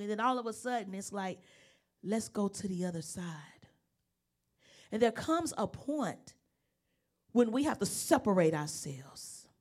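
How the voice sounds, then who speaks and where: A middle-aged woman preaching a sermon, telling her own story and growing loud and impassioned. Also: fairly high pitch. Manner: impassioned, rising to loud emphasis. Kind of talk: sermon with personal testimony.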